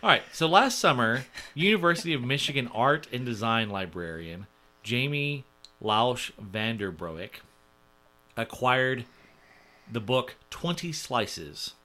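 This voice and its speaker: A man's voice: mid-range voice, slow. A man hosting a casual podcast, telling stories and reading out news items. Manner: animated, reads headlines aloud. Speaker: podcast host.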